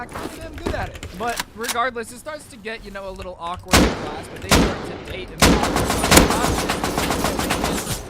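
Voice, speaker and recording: Young guy w a high voice rambling thru a story, loud gunfire going off behind him. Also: very noisy. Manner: rambling, slangy, self-interrupting. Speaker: streamer. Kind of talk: casual storytelling over gameplay.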